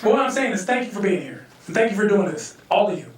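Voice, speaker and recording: Male stand-up, high voice, animated storyteller, echoey hall, distant mic. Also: quick pace, slight background noise. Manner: loose, animated storytelling, acts out quotes. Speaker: stand-up comedian. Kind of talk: stand-up comedy set. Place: live comedy venue.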